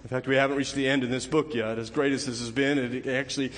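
A man's voice: mid-range voice, little pitch movement, fast talker, long reverb tail, slight background noise. A man preaching a sermon, asking his listeners rhetorical questions. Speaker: pastor.

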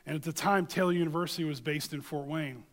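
A man's voice: on the high side, fast, in a large hall. A man preaching a sermon, reading scripture and telling a story, earnest and emphatic, often checking in with listeners.

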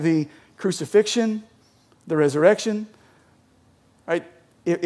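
A young pastor preaches to his church in a relaxed, conversational way. His voice sits high for a man, and he keeps checking in with his listeners. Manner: chatty, peppers talk with "right?" and "like". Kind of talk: casual conversational sermon. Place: church sanctuary.

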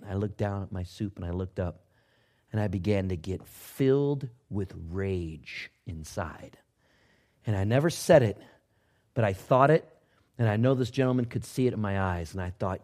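A man, a pastor, telling a personal story in a sermon, conversational but swinging from hushed asides to loud outbursts. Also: mid-range voice. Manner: conversational with fillers.

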